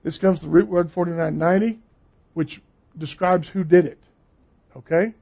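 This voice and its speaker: A man's voice: high-pitched, steady tone, moderate pace, vocal fry, dark tone. An older man preaching a sermon with emphatic, repeated phrases. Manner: emphatic, repeating key words. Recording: dull lo-fi sound.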